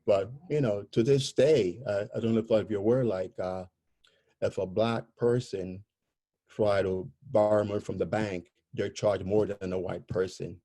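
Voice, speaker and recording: A man speaking as an interview guest, telling personal stories in a halting way, often searching for words. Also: on the low side, fairly even intonation, dark tone.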